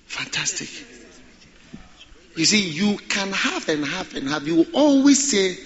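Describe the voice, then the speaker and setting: A man preaching a sermon, animated and repeating phrases for emphasis. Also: high-pitched, unhurried, creaky, long pauses, dull audio.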